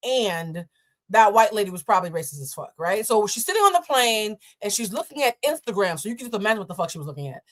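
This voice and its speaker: A woman from Boston hosting a live stream, reacting bluntly and profanely to a viral clip and laughing often. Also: mid-range voice. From Boston, USA.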